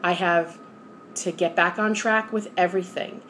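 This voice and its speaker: A woman's voice: lowish voice, steady tone, normal speed, a bit bright, a little hiss or hum. Earnest New York woman vlogging. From New York area. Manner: candid, earnest and motivational. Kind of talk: personal vlog monologue.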